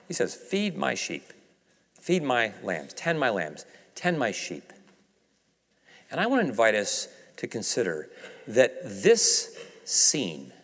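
A man preaching a sermon, swinging from raised emphasis to hushed low passages and acting out quoted dialogue. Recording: reverberant hall.

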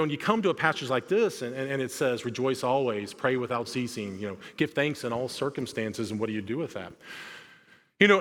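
A man's voice: medium pitch, a bit bright. Man preaching in a reverberant sanctuary. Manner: conversational, self-deprecating storytelling with frequent restarts. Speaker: guest preacher. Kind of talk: sermon. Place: large church sanctuary. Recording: long hall reverb.

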